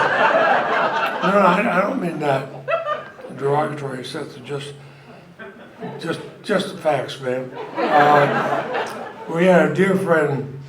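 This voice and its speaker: An older man, a retiring senator, giving a rambling, self-deprecating anecdotal speech to an audience at an event. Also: medium pitch. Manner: rambling storyteller, self-deprecating humor, frequent pauses. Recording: echoey hall, noisy crowd. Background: audience laughter and room noise.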